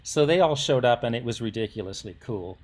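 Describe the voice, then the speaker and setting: A man's voice: medium pitch, expressive, a little fast. Older male musician guest, casual anecdotal storyteller, rambling and self-interrupting.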